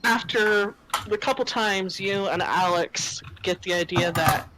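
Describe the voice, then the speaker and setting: Slow, unhurried woman narrating a game. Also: mid-range voice, heavy background noise. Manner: unhurried, descriptive narration with fillers. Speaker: game master.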